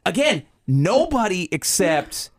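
Animated man telling a story. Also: sits high, slow. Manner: animated storyteller, acts out voices. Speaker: podcast co-host. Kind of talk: casual storytelling chat.

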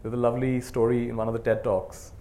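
An earnest meditation teacher gives a dharma talk to a live group, his mid-range voice level in tone and quick in pace. He swings between soft and emphatic delivery and leads the audience in call-and-response.

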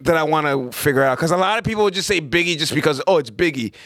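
A man's voice: on the high side, expressive, fairly bright tone, no room sound. A young man hosting a casual chat, firing off this-or-that questions in a teasing, joking way. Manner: teasing, quick to laugh. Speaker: podcast host asking the questions.

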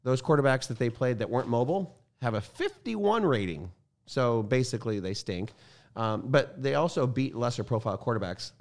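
A man co-hosting a casual sports show, excitable and rambling, often correcting himself mid-sentence. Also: mid-range voice, moderate pace. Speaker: sports podcast co-host.

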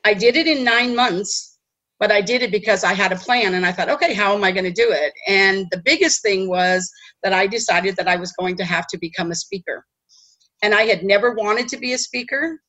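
A woman telling a personal story in a chatty, animated way, often checking in with her listeners. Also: medium pitch, low-quality recording. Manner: chatty, animated, tag questions. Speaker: host. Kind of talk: storytelling talk.

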